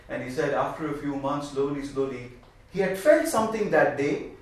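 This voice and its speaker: A man speaking as a spiritual speaker, telling a story animatedly and stressing points with repeated phrases. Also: mid-range voice. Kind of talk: storytelling talk. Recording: echoey room from far off.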